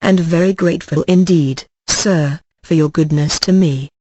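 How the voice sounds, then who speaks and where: A weak, polite orphan boy, as an audiobook narrator reads him, timid and respectful in every reply. The voice sits at a middling pitch, recorded dry and close. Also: steady tone, normal speed, mellow, dry recording, lightly acted. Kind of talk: audiobook character reading.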